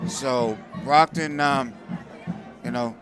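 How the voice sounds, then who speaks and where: Color commentator dude, relaxed and halting, stadium crowd and music blasting behind. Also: male voice, mid-range voice. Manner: casual, hesitant, with fillers. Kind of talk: local sports commentary. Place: press booth at a football stadium.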